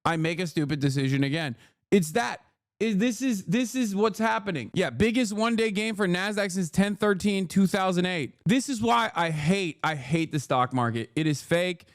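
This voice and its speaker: A man's voice: sits high, normal speed, dry recording, clean studio sound. A man streaming political commentary, reacting to news clips in a profane, exasperated way and often mocking others in put-on voices.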